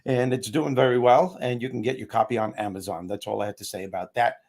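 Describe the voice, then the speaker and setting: A man's voice: medium pitch, steady tone, quick pace, a little mellow. Male host, mid-range voice, comic and self-mocking, loose chatty delivery. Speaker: talk show host. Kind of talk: comedic motivational talk show.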